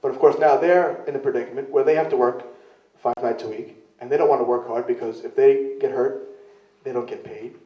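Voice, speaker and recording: His medium-pitched voice stays steady and brisk as the wrestler, interviewed casually at a club in London, spins meandering stories at his own expense and impersonates those he quotes. Audio quality is distant, roomy and dull.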